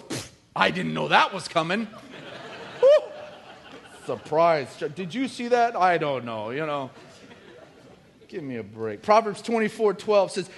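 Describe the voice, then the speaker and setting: Middle-aged man, pastor delivering a lively sermon; fairly high voice, jokes, builds to loud bursts. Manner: animated, joking preacher with rising emphatic bursts.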